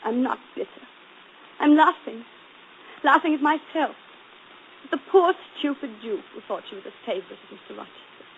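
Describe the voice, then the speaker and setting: A woman playing a proud, earnest young governess in a 1940s radio drama, crisp and dignified, turning bitter and fervent, and also narrating the story. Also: a little high, expressive, moderate pace. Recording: muffled noisy 1940s radio broadcast.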